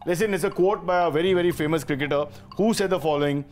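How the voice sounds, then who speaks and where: A man with an Indian English accent hosting a quiz show, playful and teasing with quick asides. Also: a little high, faint music behind. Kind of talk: joking game show hosting.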